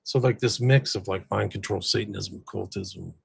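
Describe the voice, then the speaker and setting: A man's voice: lowish voice, normal speed, vocal fry, breathy edge, dry recording. A man co-hosting a podcast, chatting casually in a rambling, conversational way and speaking to the live chat. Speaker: podcast co-host.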